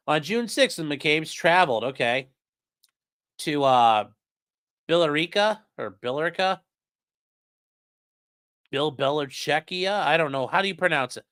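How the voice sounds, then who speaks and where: Man host live-streaming, smooth voice, loose and profane, chatty asides to viewers. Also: fairly high pitch, animated, measured pace, pauses often, a bit bright. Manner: rambling, profane, jokey asides to chat. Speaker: livestream host. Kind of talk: casual live-stream commentary.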